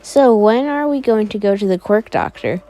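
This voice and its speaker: A woman voicing an eager, excitable little boy with a raised, bright-toned voice. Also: medium pitch, moderate pace, natural voice.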